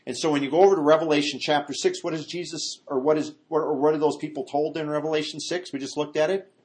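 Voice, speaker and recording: A man teaching from the Bible in a relaxed, conversational way, his voice sitting a bit higher than most men's. He keeps breaking into raised, acted-out quotes and then dropping back to plain explanation, with frequent asides and restarts. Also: fast. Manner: animated, acts out quotes in a raised voice. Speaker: pastor.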